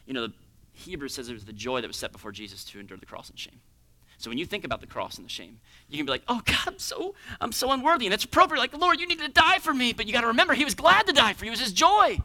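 A man preaching a sermon with passion, dropping to hushed near-whispers and rising to loud pleading. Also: on the high side. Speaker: pastor.

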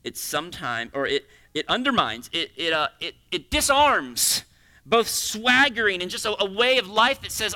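A man preaching a sermon with passion, dropping to hushed near-whispers and rising to loud pleading. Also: high voice, big pitch swings, normal speed. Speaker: pastor.

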